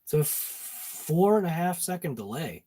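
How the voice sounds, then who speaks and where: Garage host, male, high voice, joking with his viewers. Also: very animated, measured pace, mellow. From Massachusetts. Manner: jokey, talks to viewers by name. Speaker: channel host. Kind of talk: casual workshop chat. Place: home garage workshop.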